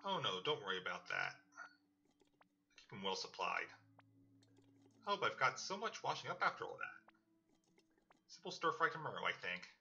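A man's voice: on the low side, big pitch swings, normal speed, gravelly, pauses often, bright, forceful tone, heavily acted. A man voicing a cheerful, affectionate woman who cooks at a bar, chatting away fondly. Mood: warm chatter. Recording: slightly muffled with game music.

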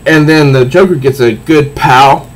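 A man's voice: mid-range voice, unhurried. A man giving a casual comic book review, recounting panels aloud with sound effects and frequent restarts.

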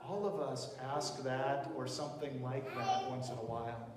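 A man's voice: mid-range voice, fairly even intonation, moderate pace, noisy background. A man preaching a sermon in a conversational way, often asking the congregation questions. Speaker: pastor. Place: church sanctuary. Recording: roomy hall reverb, mic at a distance.

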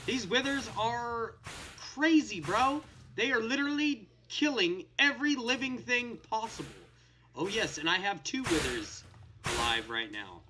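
A young man hosting a gaming video, giving excitable casual commentary and shouting at the screen. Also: very high-pitched, measured pace, background noise.

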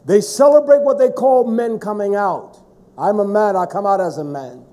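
A man preaching a sermon in a fervent, emphatic way, with sudden shouted stresses. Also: high-pitched, moderate pace.

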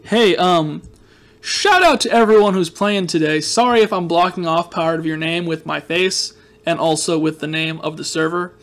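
A man's voice: on the high side, fairly even intonation, normal speed, a bit bright. A man hosting a Minecraft let's-play, giving casual, jokey, rambling commentary with playful sarcasm.

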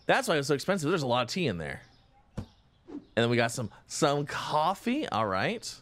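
A man hosting a casual let's-play, chatty and excitable, thinking aloud with frequent exclamations. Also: fairly high pitch, normal speed, slight background noise. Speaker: gaming channel host.

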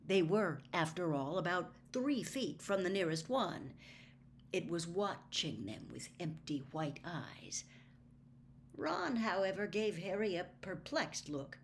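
Slow, expressive woman reading a storybook. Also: medium pitch, slight background noise. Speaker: audiobook reader.

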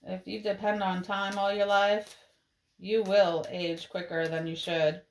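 Female tarot reader, slow measured delivery, gentle and encouraging tone. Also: medium pitch, flat delivery. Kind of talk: tarot card reading for viewers.

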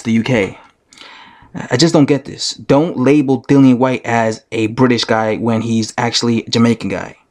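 Man, vlog rant, argumentative, repetitive, talks to the viewers, mid-pitched voice. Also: darkish tone. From United States. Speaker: vlogger. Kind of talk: ranting commentary vlog.

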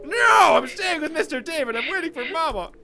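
A man voicing a scared, tearful little boy who stubbornly refuses to leave, in a high, whiny childlike voice. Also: big pitch swings, a little fast, pushed and bright, full character voice.

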